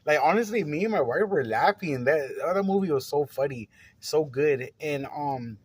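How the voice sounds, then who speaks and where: A man's voice: fairly high pitch, lively intonation, normal speed, husky, low-quality recording. A man giving a casual, rambling film review, with many fillers and restarts, frequent laughs and plenty of swearing. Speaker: movie reviewer.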